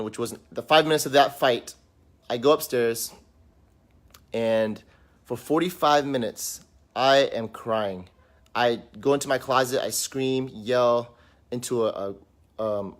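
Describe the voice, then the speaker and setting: A man's voice: medium pitch, fairly bright tone. A man talking candidly in a personal vlog, sitting on a couch at home, in a raw, rambling, emotional way. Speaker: vlog host.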